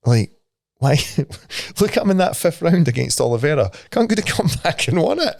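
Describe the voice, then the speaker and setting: A man's voice: fairly high pitch, sing-song, normal speed, vocal fry, darkish tone, dry recording, clean studio sound. A Scottish man co-hosting a podcast in casual chat, swearing freely and laughing at his own stories. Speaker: podcast co-host.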